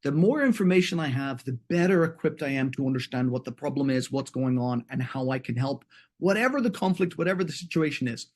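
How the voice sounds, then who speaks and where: A man's voice: mid-range voice, fairly quick. A middle-aged man presenting a webinar and teaching, talking conversationally and acting out bits of dialogue in other voices. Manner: animated, acts out dialogue in different voices. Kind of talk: conversational training talk with acted examples.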